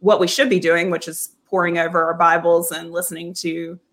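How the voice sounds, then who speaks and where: A woman's voice: on the low side, flat delivery, fairly quick, a bit bright. A woman co-hosting a casual Christian podcast discussion, talking earnestly and reading quotes aloud carefully. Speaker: podcast co-host.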